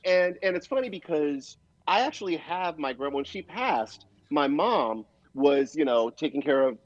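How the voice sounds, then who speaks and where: A man, a drummer guest on a casual livestream interview, telling stories in an animated way and acting out other people's voices. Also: a little high, moderate pace, dry recording, muffled recording. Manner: animated storyteller, acts out voices.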